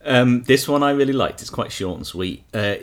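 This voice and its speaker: A man's voice: medium pitch, animated, moderate pace. A man hosting a podcast in casual chat, easygoing as he sets up each segment. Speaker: podcast host.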